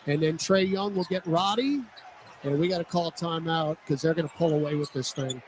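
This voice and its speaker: A man doing radio play-by-play for a basketball game, calling each play in quick clipped bursts. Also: fairly high pitch. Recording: noisy radio broadcast with arena ambience.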